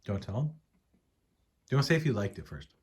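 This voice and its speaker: A man co-hosting a casual cooking chat, quick to react and joke. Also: on the low side, big pitch swings, slightly rough. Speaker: cooking show co-host.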